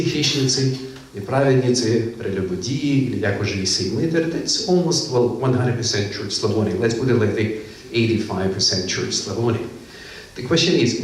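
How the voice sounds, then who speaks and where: A man's voice: medium pitch, a little hiss or hum. A man giving an academic conference lecture, explaining points from his slides. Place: conference hall. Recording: echoey hall, mic far off.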